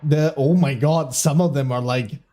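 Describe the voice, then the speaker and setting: A man with a notably high voice calls a video game tournament live from his streaming desk. He keeps dissolving into giggles as the match goes sideways and stumbles over his words when he loses track. The commentary is loose and excitable. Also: normal speed, faint music behind. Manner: keeps breaking into giggling fits while commentating.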